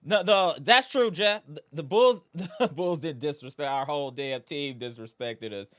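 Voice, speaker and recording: A livestream host with a somewhat high, fairly bright voice speaks at a normal speed while running a sports fan stream. Full of hype, he calls out viewers by name and grumbles angrily about his team losing.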